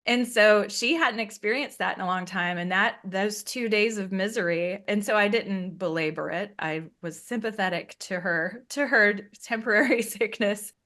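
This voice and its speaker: Woman guest, mid-range voice, candid and chatty, quick to laugh. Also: medium pitch, fairly bright tone. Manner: frank, conversational, laughs often. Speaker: interview guest. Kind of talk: candid personal story.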